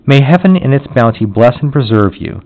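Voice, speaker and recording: A man reading the lines of a condemned young servant woman, gentle and resigned. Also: mid-range voice, expressive, moderate pace, voice pushed up, close to an everyday voice. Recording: dull lo-fi audio.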